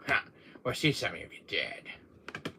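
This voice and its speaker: A man's voice: low-pitched, very animated, a little slow, vocal fry, bright, forceful tone, a little hiss or hum, full character voice. A man voicing a threatening, tough male soldier villain who speaks in curt threats.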